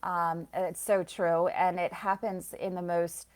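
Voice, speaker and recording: A woman's voice: fairly low pitch, level tone, slow pace. A woman giving a live intuitive card reading to viewers, chatty and effusive, often laughing and gushing as she greets them by name. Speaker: spiritual reader and soul coach.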